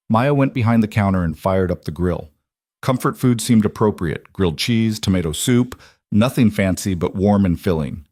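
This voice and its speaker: A man narrating a scripted story in a steady, even manner. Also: on the low side, moderate pace, no room sound, clean studio sound.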